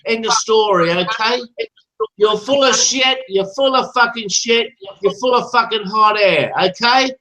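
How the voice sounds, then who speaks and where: A man shouting down someone in an online voice chat. His voice sits high and sounds tense and sharp. He rants aggressively and loops the same threats and insults over and over. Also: a little slow, low-quality recording. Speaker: voice chat user. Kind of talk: heated online voice chat argument.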